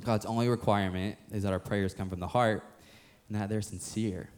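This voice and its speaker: A man's voice: on the low side, fairly even intonation, a little fast, a little mellow. Joking young male pastor preaching. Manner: casual, joking, acts out quoted voices. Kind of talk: sermon.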